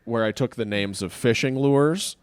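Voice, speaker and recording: A man's voice: medium pitch, moderate pace, clean tone, dry recording. A man co-hosting a comedy podcast, talking in a joking, laid-back way and swearing casually. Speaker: podcast co-host. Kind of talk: casual chat.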